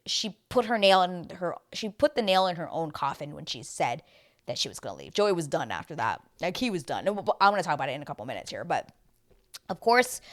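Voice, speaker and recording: A woman's voice: lowish voice, fairly bright tone. A young woman recapping a dating show in casual chat, talkative and full of fillers, often acting out quotes. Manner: chatty, many fillers, acts out quotes. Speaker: recap vlogger.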